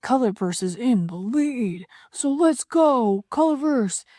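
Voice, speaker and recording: A woman putting on the voice of an excited female sports commentator calling a race, with hyped play-by-play delivery. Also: a little high, slow pace, no room sound, clean studio sound, pitched above the performer's own voice.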